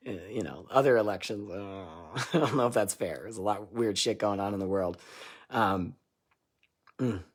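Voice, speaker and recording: Husky, low-pitched man; live spiritual channeler, irreverent and laughing, booming lines and muttered asides. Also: normal speed. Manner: loose and irreverent, swearing and laughing between lines; swings between loud declarations and quiet asides.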